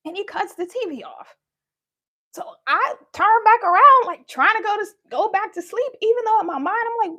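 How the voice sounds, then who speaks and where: In a live talk, a young woman shares her own story with candor, voicing other people's lines as she recounts them. Her very high voice is expressive, bright and forceful, at a normal speed.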